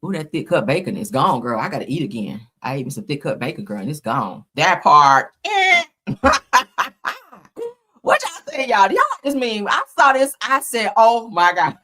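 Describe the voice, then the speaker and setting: Bright-voiced sassy gossip host woman. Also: sits low, huge pitch swings, brisk, few pauses. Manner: sassy, chatty, calls audience girl and honey. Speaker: live show host. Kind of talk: casual gossip chat.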